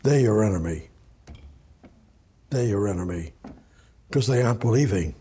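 Speaking at a moderate pace in a lowish, mellow voice with a breathy edge, a man preaches animatedly. It's a sermon or Bible study where he reads scripture aloud conversationally and repeats himself.

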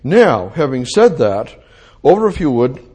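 A man preaching a sermon, dropping to a hush and rising to loud cries, repeating phrases for emphasis. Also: medium pitch, unhurried, husky. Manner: lively, swings from hushed to loud, repeats phrases.

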